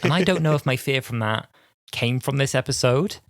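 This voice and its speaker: A man in his twenties co-hosts a podcast, chatting casually in an animated way and acting out lines from the episode in high, put-on voices. He talks a little fast, and the recording is dry with clean studio sound.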